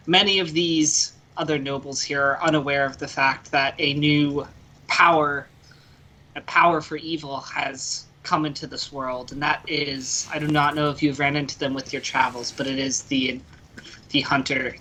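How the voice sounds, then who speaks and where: A player with an American accent voicing an earnest priest adventurer, pleading haltingly with many pauses. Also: medium pitch, steady tone, pushed and bright, rough recording. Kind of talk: tabletop game role-play.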